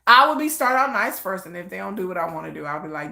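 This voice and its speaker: A woman's voice: on the low side, quick pace, vocal fry, pushed and bright. A woman streamer in a comedic live monologue, playfully acting out imagined scenes. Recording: echoey room.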